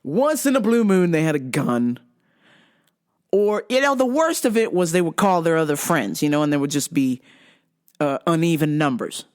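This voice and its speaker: Animated, swearing middle-aged woman storyteller. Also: sits low, normal speed. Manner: animated, profane, acts out quotes. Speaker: vlog host. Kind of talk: casual storytelling.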